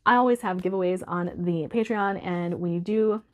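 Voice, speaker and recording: A woman's voice: on the low side, moderate pace, narrow, tinny audio. A woman book vlogger giving a casual monthly reading wrap-up, chatty and emotional, laughing often.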